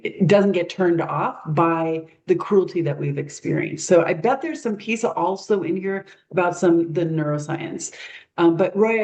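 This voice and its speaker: A woman with a low, mellow voice guiding a group discussion over a video call. She talks in a measured, thoughtful way, choosing her words with care. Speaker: group facilitator.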